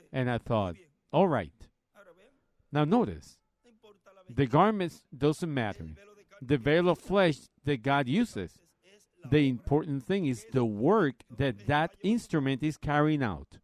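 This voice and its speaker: A man preaching a Bible study, slowly retelling a story and quoting others in a plain, folksy way. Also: medium pitch, very animated.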